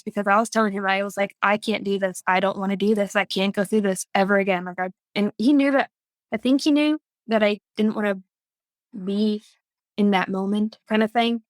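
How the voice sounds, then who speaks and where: A woman's voice: mid-range voice, moderate pace, dry recording. A woman guest on a podcast, earnestly recounting a personal experience, with many fillers. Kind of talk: personal story in an interview.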